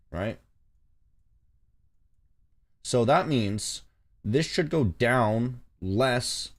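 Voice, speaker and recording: A man's voice: fairly low pitch, a little mellow. A man hosting a trading livestream, chatting loosely and joking, with simple chopped phrases. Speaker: livestream host and forex trader. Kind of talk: casual livestream chat.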